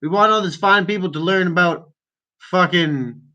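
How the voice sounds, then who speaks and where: A man's voice: high-pitched, moderate pace, bright, forceful tone. A young man from Canada hosting a call-in show, brash and mocking, swearing a lot, heard over a phone line. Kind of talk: profane casual chat. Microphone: telephone.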